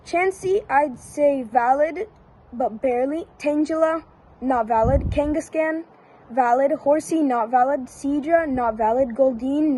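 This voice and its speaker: A woman giving casual one-word verdicts down a long list, flat and repetitive with brief hesitations. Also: high-pitched, poor audio. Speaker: YouTuber.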